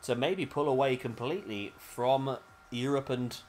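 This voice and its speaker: This British man speaks a little slowly, his medium-pitched voice a little mellow, with a faint hiss or hum in the background. As a gaming commentator he rambles through chatty play-by-play of a wrestling video game and often corrects himself mid-sentence.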